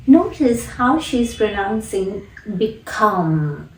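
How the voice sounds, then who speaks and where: A woman English teacher explaining pronunciation deliberately, then repeating phrases to demonstrate. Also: a little high, animated, a little mellow, echoey room, far from the mic, low-quality recording. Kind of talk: spoken lesson with demonstration.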